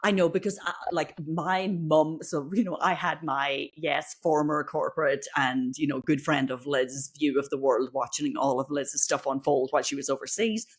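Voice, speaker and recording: A woman's voice: deep voice, steady tone, moderate pace, hardly any pauses, breathy edge. A woman hosting a podcast in casual interview chat, empathetic and often restarting her questions mid-sentence. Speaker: podcast host.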